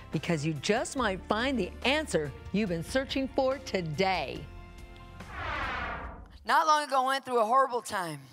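A woman's voice: mid-range voice, long reverb tail. A woman minister giving a personal testimony, telling it emphatically and dramatically and acting out her own outbursts.

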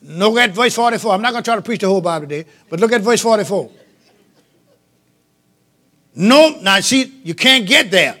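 A man preaching a lively call-and-response sermon to a congregation, shouting some lines and dropping others to a low murmur. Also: normal speed, pauses often. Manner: sings out phrases, shouts and drops to low murmurs, laughs with the congregation. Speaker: pastor.

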